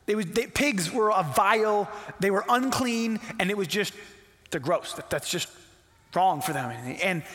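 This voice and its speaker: Bright, high-voiced pastor in a hall. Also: male voice. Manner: casual, playful, acts out characters. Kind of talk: storytelling sermon. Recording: long hall reverb.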